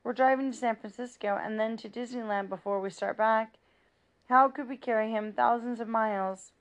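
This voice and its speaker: A woman's voice: a little high, fairly even intonation, normal speed, close to an everyday voice. A woman reading aloud and voicing a young female teacher who gushes but also talks sensibly. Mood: eager. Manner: gushing, sensible.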